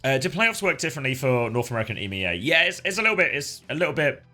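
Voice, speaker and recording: A man's voice: medium pitch, sing-song, racing, sharp tone, faint music behind. A man co-casting an esports match in casual chat, laughing often and swearing casually. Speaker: esports co-caster.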